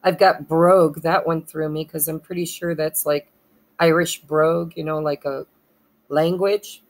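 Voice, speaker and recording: A tarot reader doing a pick-a-pile reading keeps clearing her hoarse throat, speaking haltingly, spelling out names, and losing her place. Her voice sits low with fairly even intonation, and the recording quality is low.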